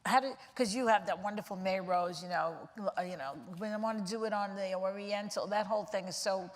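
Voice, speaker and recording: A woman's voice: medium pitch, fairly quick, in a large hall. A woman hosting a casual interview, teasing her guest and reading out audience questions. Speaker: talk host interviewer.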